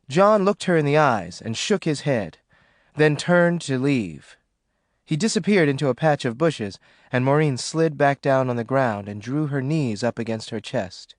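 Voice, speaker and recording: A man giving steady, dramatic audiobook narration. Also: mid-range voice, unhurried, dry recording, studio quality.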